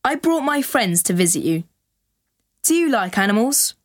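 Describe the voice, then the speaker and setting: A man's voice: high voice, sing-song, normal speed, voice pushed up. A man voicing a friendly young boy who brings animals, in a storybook reading.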